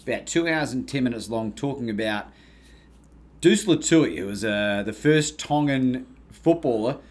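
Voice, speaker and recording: A man with an Australian accent, a podcast guest telling a story in casual, animated talk and acting out the people he quotes. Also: medium pitch, normal speed. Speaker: guest, courage coach.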